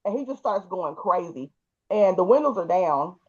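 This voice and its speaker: A woman telling a personal story in a casual, animated and emphatic way, with colloquial speech. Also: lowish voice, moderate pace, lo-fi sound.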